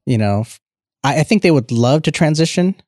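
A man co-hosting a casual tech podcast, explaining things in a measured way. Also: fairly high pitch, expressive, darkish tone, no room sound, clean studio sound. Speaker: podcast co-host.

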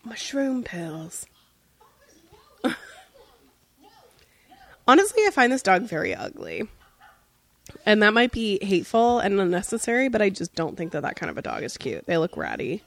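A woman's voice: mid-range voice, sing-song, moderate pace, long pauses, a bit bright. A young woman co-hosting a casual watch-along chat, joking and laughing often with wry asides. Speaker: co-host.

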